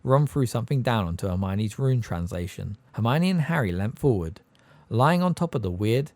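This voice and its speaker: A man narrating an audiobook in an expressive storybook style. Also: mid-range voice, no echo. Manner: expressive, varied delivery. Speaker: audiobook reader.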